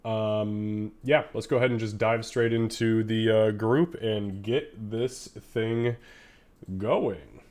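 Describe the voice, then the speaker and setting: A man's voice: fairly low pitch, takes it slowly, a little mellow. A man with a nasal, stuffed-up voice from a head cold, hosting a tabletop game stream in a loose, rambling way. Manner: loose, rambling, with fillers and swearing. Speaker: game master. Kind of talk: casual live-stream chat.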